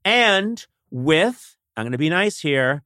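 Animated older man, lively voice, dry sound. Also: a little high, slow pace, dry recording. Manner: animated, mock-pompous teasing. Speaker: podcast host. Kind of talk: casual podcast banter.

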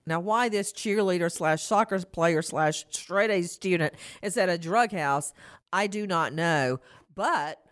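A woman's voice: on the low side, a little slow. A woman hosting a true crime talk show, talking with sarcasm and frequent laughs. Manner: animated, sarcastic, laughs often. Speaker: host.

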